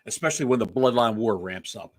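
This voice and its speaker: A man's voice: lowish voice, fast talker. A man co-hosting a casual wrestling podcast, joking around and calling his partner "pal". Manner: wisecracking, calls people "pal". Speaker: podcast co-host.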